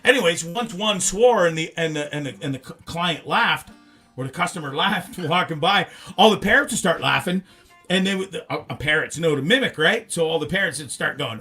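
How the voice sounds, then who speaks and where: A man hosting a live talk show, rambling and animated, swearing freely. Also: fairly high pitch, a little fast, faint music behind. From Canada. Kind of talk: casual live show chat.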